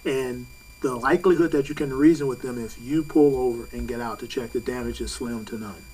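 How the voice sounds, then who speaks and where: A man's voice: medium pitch, fairly quick, darkish tone, a little hiss or hum, rough recording. A man giving safety advice on a talk radio show, talking conversationally, laughing easily and restarting his sentences. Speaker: safety expert guest.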